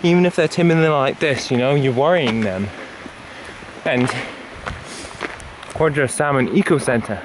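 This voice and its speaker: Recording outdoors on a handheld camera, a man climbs a trail while slightly breathless, talking at a moderate pace with frequent pauses. His mid-range voice rambles and muses with many fillers, and the background is noisy.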